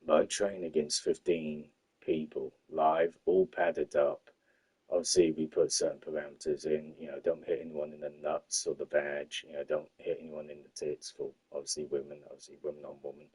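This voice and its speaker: A man's voice: extremely low pitch, little pitch movement, moderate pace, darkish tone, breathy edge, rough recording. A young man telling a rambling, sweary story with lots of fillers while he plays a game. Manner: rambling, sweary, many fillers like "you know" and "obviously". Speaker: gaming streamer. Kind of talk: casual storytelling while gaming.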